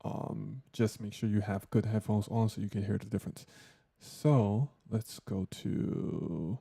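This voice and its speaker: Gravelly, husky low-voiced man. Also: unhurried, mellow. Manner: loose, joking, talks through settings while testing them. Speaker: tech tutorial host. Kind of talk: casual hands-on tutorial.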